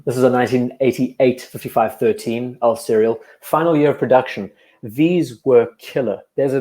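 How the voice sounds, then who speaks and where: A young man whose accent mixes South African and English talks in a relaxed, rambling way as he reads out viewer comments. His voice sits at an ordinary middle pitch. He is recorded in an echoey room at home. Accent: blend of South African and English. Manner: relaxed, rambling, answers chat questions between watch remarks. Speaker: watch channel host on a live stream. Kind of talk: casual live-stream chat, reading viewer comments.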